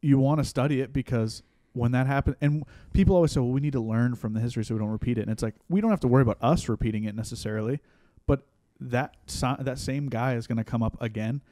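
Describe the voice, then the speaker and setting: A man hosting a podcast, talking in quick, emphatic casual conversation. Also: mid-range voice, mellow, no echo.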